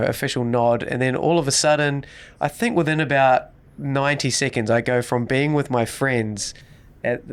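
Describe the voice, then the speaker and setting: Man telling a story with lively quotes. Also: mid-range voice, clean tone. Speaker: podcast co-host. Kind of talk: casual interview chat.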